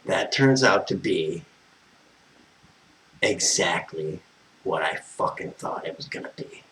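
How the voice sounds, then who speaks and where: A man's voice: low-pitched, expressive, slow, fairly bright tone, slight background noise, low-quality recording. An American man telling a personal story as a vlogger, exasperated and swearing constantly, wandering off on tangents. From United States. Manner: profane, exasperated, tangent-prone.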